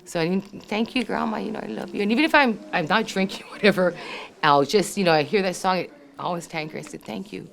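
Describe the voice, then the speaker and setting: An older woman, sharing an emotional family memory in a heartfelt, halting way, repeating herself and saying "you know" often. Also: mid-range voice, vocal fry. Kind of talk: emotional personal storytelling.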